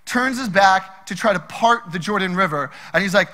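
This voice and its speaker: Guy preaching, chatty and animated, high voice, big echoey hall. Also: normal speed. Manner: casual, animated storytelling. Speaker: pastor. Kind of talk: sermon.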